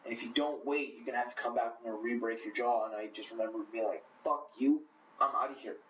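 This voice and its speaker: A man talking bluntly and profanely about his past, rambling with fillers as he goes. His voice is medium-pitched and comes from a distance in an echoey room. The recording is muffled and rough, with a faint hiss. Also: flat delivery, fast. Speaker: interview guest. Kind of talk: candid personal storytelling.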